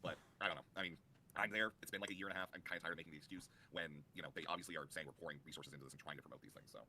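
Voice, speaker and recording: A man's voice: low voice, fairly even intonation, rapid-fire, pushed and bright, a little hiss or hum. A man hosting a stream panel, rambling casually with lots of fillers and frequent laughs. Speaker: stream host.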